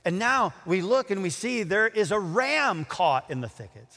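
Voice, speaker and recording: A man's voice: high voice, big pitch swings, moderate pace, pushed and bright, in a large hall. A man preaching a sermon with impassioned, dramatic delivery and stammered restarts.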